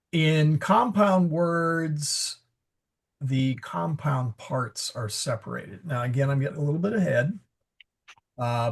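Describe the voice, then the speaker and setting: A man teaching Latin pronunciation in a live class over a video call, patiently explaining and correcting himself as he goes. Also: medium pitch. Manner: patient, explanatory, self-correcting with frequent fillers.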